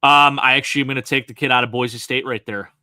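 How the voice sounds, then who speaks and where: A man from Western New York with a Buffalo accent, co-hosting a casual sports chat with eager, quick analysis. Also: mid-range voice, fairly even intonation, bright, forceful tone, dry recording, studio quality. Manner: enthusiastic, quick analytical talk with fillers. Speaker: co-host.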